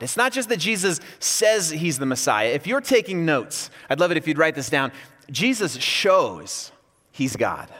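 A male pastor delivers a sermon in a lively, conversational manner, his fairly high voice swinging widely in pitch. He drops in casual asides as he preaches. His voice rings with a long reverb, as if from a large church hall.

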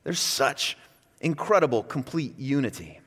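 A man preaching a sermon as pastor, in a conversational, animated way with casual asides. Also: mid-range voice, unhurried. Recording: long reverb from a large hall.

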